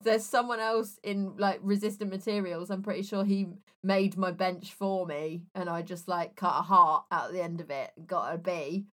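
A woman's voice: fairly low pitch, fairly even intonation, moderate pace, hardly any pauses, fairly bright tone. A young woman co-hosting a podcast, chatting bluntly and casually, swearing freely and laughing easily. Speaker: podcast co-host. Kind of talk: casual chat.

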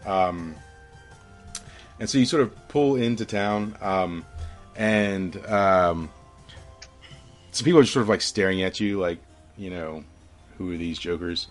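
A man's voice: lowish voice, slow, long pauses, soft background music. A man narrating a tabletop game as game master, rambling with many fillers.

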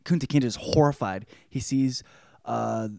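A man's voice: mid-range voice, unhurried, vocal fry, darkish tone, no room sound, clean studio sound. A man hosting a podcast, giving a casual spoken book report in a rambling, joking way with lots of swearing. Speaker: podcast host.

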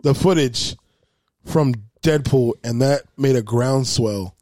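A man in casual chat who swears freely, gets excited and acts out the quotes in his stories. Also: medium pitch, slow pace, no room sound.

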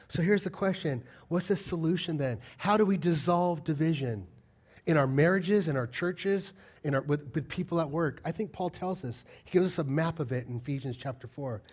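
A man's voice: a little high, expressive, moderate pace. Emphatic male pastor preaching. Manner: emphatic, rhetorical questions, swings between loud and quiet. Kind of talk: sermon.

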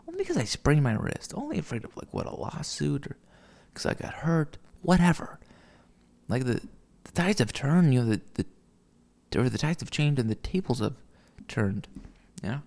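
Drunk young man with a gravelly voice. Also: medium pitch, a little mellow. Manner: meandering, profane, mumbled asides. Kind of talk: rambling solo monologue.

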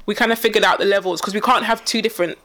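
Brief: quick, loud young woman co-hosting a chatty podcast. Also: mid-range voice, fairly even intonation. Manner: loud, chatty, uses London slang. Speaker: podcast co-host. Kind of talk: casual chat.

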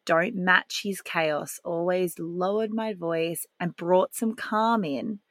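A woman, hosting a solo podcast and speaking in a calm, earnest, reflective way. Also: lowish voice, slow pace, no echo, clean studio sound. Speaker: podcast host.

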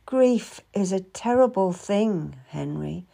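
A woman's voice: mid-range voice, lively intonation, takes it slowly, creaky, dark tone, full character voice. Woman reading as a sorrowful lonely widow. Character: grieving Puritan widow, lonely, gentle and shy. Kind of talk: audiobook reading.

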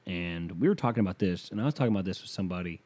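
A man's voice: sits low, lively intonation, rapid-fire, darkish tone. A young man hosting a podcast from his bedroom, talking in a rambling, profane, self-mocking monologue. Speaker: podcast host. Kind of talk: casual solo podcast monologue.

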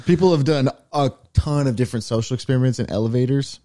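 A man's voice: medium pitch, quick pace, mellow, dry recording, studio quality. A man co-hosting a podcast in casual chat, rambling through explanations with lots of fillers. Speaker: podcast co-host.

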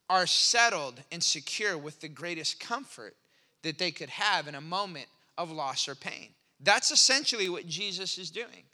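A male pastor preaching a sermon in an animated, playful way, sometimes stepping into mock dialogue with his listeners. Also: sits high, big-room sound.

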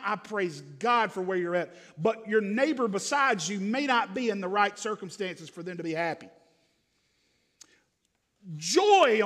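A man preaching a sermon as pastor in a church, earnest, turning soft and gentle. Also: very high-pitched, long reverb tail. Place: church sanctuary.

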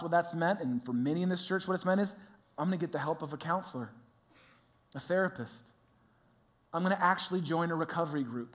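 A pastor preaching with earnest conviction. He has a fairly high voice for a man and grows lively in his stories. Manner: earnest, animated when telling stories. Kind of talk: sermon.

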